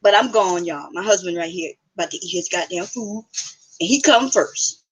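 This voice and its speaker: A woman's voice: fairly low pitch, moderate pace, slightly rough, rough recording. A middle-aged woman hosting a live show, chatting casually and bluntly with viewers, swearing now and then. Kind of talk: casual live-stream chat.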